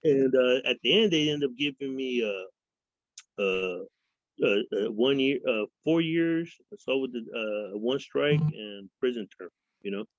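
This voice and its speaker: A man's voice: mid-range voice, expressive, a little slow, no echo. Man from Fresno, interview guest, rambling and profane, mimics voices in his stories; dry, dull lo-fi recording. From Fresno, California. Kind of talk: casual storytelling interview. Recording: dull lo-fi sound.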